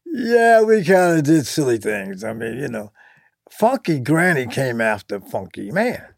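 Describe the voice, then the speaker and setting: Gravelly, husky older man. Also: on the high side, very animated, no room sound, clean studio sound. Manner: halting, many ums and you-knows. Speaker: musician guest. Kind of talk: casual interview talk.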